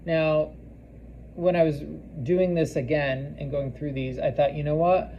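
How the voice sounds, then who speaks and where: A man teaching a recorded class lesson, halting with many ums and restarts and repeating foreign phrases slowly for practice. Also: a little high, steady tone, dull audio, slight background noise. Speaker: language teacher.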